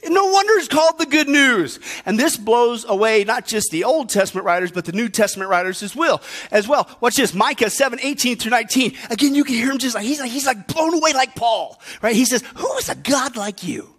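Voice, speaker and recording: A pastor preaching a sermon with emphatic rhetorical questions that swing between bursts and hushed asides. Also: male voice, very high voice, fairly quick, few pauses.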